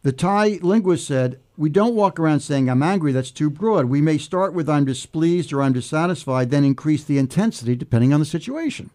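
A man's voice: on the high side, lively intonation, brisk, hardly any pauses, mellow. An American man talking casually with friends, laughing often and restarting with many fillers. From United States. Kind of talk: casual chat.

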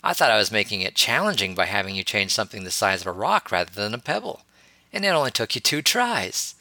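A man's voice: lowish voice, big pitch swings, quick pace, bright, forceful tone, dry recording, exaggerated voice. A man voicing a playful, teasing young male wizard teacher, amused as he explains. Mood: teaching.

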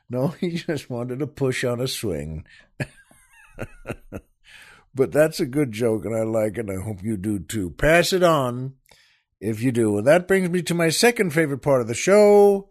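An older man hosting a podcast, telling a long joke in a rambling, halting way with many restarts. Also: mid-range voice, lively intonation. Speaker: podcast host.

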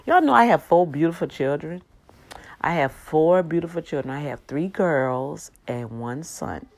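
A woman in her fifties with an animated, exclamatory, preachy manner, talking casually about her faith to her viewers. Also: deep voice, measured pace. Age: 50s. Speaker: faith vlogger.

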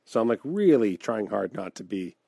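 A man co-hosting a podcast, telling a story in a casual, animated way, acting out the people he describes and laughing often. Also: lowish voice, moderate pace, gravelly, slightly rough, dry recording, clean studio sound. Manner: laughs often while talking. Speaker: podcast co-host.

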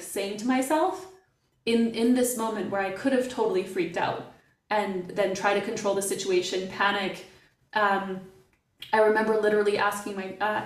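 Animated woman, echoey distant sound. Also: mid-range voice. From Canada. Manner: animated, playful storyteller. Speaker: podcast guest. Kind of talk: casual podcast conversation.

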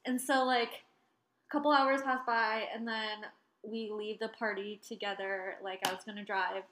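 A woman's voice: medium pitch, moderate pace, slight background noise. A young woman in her twenties telling a story in casual chat, swearing freely and acting out what people said. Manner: animated, swearing, acts out quotes.

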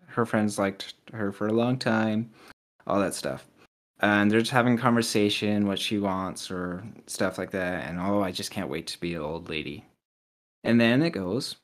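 Guy on a podcast reading dumb texts out loud, lowish voice, mocks them. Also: moderate pace. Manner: reads texts with mocking voices. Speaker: podcast co-host. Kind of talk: casual chat, reading posts aloud.

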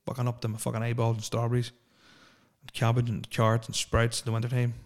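Guy in his 30s ranting on his own podcast, swears a lot, pretty monotone. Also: mid-range voice, quick pace. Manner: profane, opinionated rambling. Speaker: podcast host. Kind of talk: solo podcast rant.

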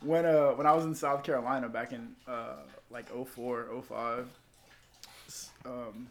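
A man's voice: fairly even intonation, unhurried, a little hiss or hum. Rambling, swearing man telling a story. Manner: rambling, swears, acts out quotes in high voices. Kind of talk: casual storytelling.

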